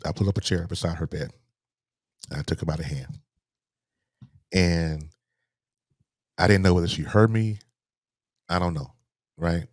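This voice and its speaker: Deep husky man telling a tender story. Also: no echo, studio quality. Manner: soft-spoken, halting, with repeated restarts. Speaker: podcast guest. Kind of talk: emotional personal storytelling.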